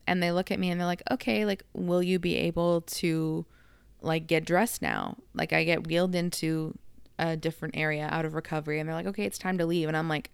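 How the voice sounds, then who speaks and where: Chatty young woman with gravelly voice. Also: sits low, fairly quick, dry recording. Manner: chatty, animated retelling with quoted dialogue. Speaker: vlogger. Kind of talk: casual storytelling.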